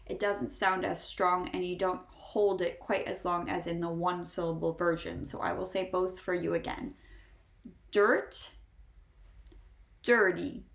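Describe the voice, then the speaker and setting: An American woman with a General American accent, teaching English pronunciation and stretching out each example word slowly between brisk explanations. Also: lowish voice, little pitch movement, gravelly, echoey room. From United States. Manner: slow, drawn-out model words between brisk explanations. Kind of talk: pronunciation lesson.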